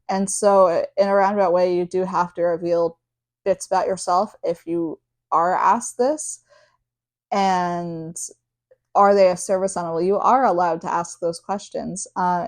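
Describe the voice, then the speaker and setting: A woman's voice: lowish voice, a little mellow. A young woman vlogger chatting candidly to her viewers, with lots of asides and fillers. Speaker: vlogger and service dog handler. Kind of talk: casual talk to camera.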